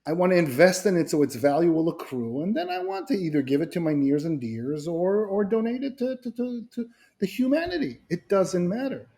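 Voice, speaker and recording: A man's voice: high-pitched, brisk. A middle-aged man explaining his ideas in conversation, telling stories with acted-out quotes and frequent restarts. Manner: animated storyteller, acts out quoted voices, repeats words when restarting. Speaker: guest speaker.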